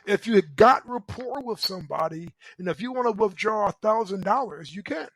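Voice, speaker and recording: Middle-aged man, high voice, loud and emphatic, motivational coaching talk, dry close sound. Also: lively intonation, moderate pace, breathy edge, no echo, poor audio. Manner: loud and emphatic, keeps asking "right?". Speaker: relationship coach and show host.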